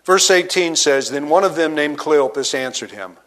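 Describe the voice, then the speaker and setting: Male pastor, high voice, sermon, reads scripture then paraphrases, drops to hushed low tones for emphasis. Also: lively intonation, normal speed. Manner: expository preaching, reads scripture aloud and paraphrases it conversationally; dynamic delivery, drops low and quiet for emphasis.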